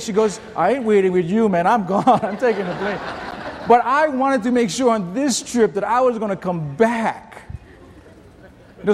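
A pastor from Hawaii delivers a sermon in a relaxed, conversational storytelling style, his voice a little high for a man. He leans on rhetorical questions and repeats words, and the recording carries the long reverb of a large church hall.

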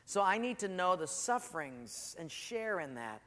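A man's voice: high-pitched, sing-song, moderate pace, bright, forceful tone. A man preaching a sermon as a pastor, in a conversational, storytelling way with asides to the congregation. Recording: echoey church hall.

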